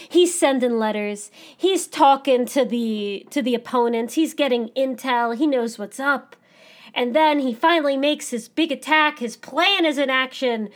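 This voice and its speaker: Animated, excitable woman chatting. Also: high voice. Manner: animated, excitable, acts out lines. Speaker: podcast co-host. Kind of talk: casual chat about an anime episode.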